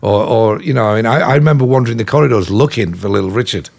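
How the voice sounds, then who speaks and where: English rock musician in his fifties, interview guest, gravelly voice, chatty storyteller. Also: fairly low pitch, fast talker. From England. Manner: chatty, animated anecdotes full of "you know".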